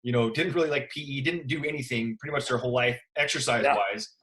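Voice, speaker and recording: A male podcast host asking questions in a relaxed interview, searching for his phrasing. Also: mid-range voice, fast talker. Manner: loose, searching phrasing while framing questions. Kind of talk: casual interview chat.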